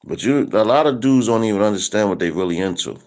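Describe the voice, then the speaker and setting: A man giving a casual, rambling Bible talk in street slang, slowing down to read scripture aloud. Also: lowish voice, animated, a little mellow. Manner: loose, rambling, slangy, reads scripture slowly. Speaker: preacher.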